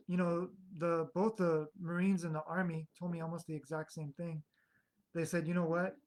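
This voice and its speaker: A man's voice: high-pitched, poor audio. A man in an earnest, rambling personal testimony, often restarting his sentences as he recounts his past. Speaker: speaker sharing a personal story.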